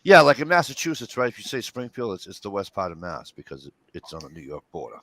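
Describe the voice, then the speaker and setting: A man's voice: lowish voice, very animated, quick pace, crowd noise. A man from the northern United States, arguing a point in casual chat with emphatic, profane talk. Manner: emphatic, profane, talks over others.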